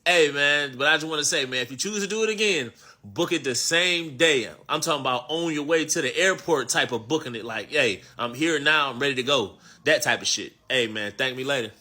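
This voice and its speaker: Bright swaggering man ranting. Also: fairly high pitch, brisk. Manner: swaggering, slangy, repeats "you know what I'm saying". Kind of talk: boastful casual rant.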